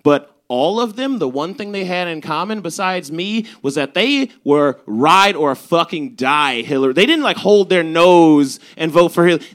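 A man's voice: high-pitched, fairly bright tone. A young man from Chicago's South Side telling a comedic story at a live show, swearing and acting out the lines he quotes. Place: live show at a bar venue.

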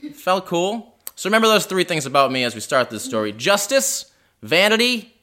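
A man's voice: high-pitched, big pitch swings, normal speed, sharp tone. A man telling a wry, self-deprecating personal story at a live house show in a living room.

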